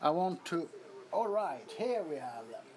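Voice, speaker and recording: Giggly Swedish-accented man, high voice. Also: very animated, measured pace. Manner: giggly, amused, introducing kittens. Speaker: livestream host. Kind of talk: casual livestream chat. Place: indoors, apartment.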